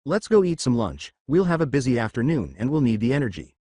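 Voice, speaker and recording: A man's voice: medium pitch, very animated, quick pace, mellow, no room sound, studio quality. A man voicing a polite, formal hero teacher with a courteous manner.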